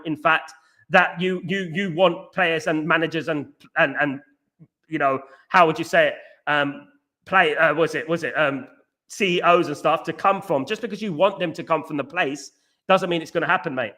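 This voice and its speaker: A man hosts a casual livestream, answering his viewers in a loose, repetitive way full of fillers and false starts. His voice sits a bit high for a man and sounds bright and forceful, with a combative edge when he pushes back. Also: moderate pace. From London. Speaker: host of a football fan livestream. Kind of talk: casual livestream chat reading viewer comments.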